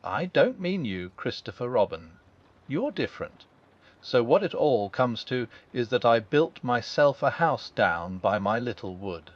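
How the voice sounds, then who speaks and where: A melancholy old donkey with a sardonic, slow and mournful way of speaking, as a male reader puts him on. The pitch swings about more than a flat drone would. The recording is dull and lo-fi. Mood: gloomy. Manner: slow, mournful, low-voiced. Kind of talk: storybook reading.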